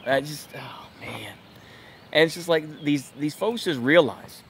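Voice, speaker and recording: A man's voice: on the high side, unhurried, fairly bright tone, a little hiss or hum. A man hosting his own channel, ranting in an exasperated, incredulous way and leaning on fillers. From United States. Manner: exasperated, incredulous, lots of filler like "it's just like" and "bruh". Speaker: channel host, political commentator. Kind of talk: ranting vlog commentary.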